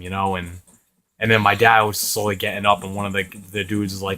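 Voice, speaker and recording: A man's voice: fairly low pitch, a little fast, a bit bright. A young man from Rhode Island, hosting a gaming channel, tells a long rambling story with lots of swearing and laughter. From Rhode Island, USA. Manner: rambling, profane, laughs often. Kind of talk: casual storytelling over gameplay.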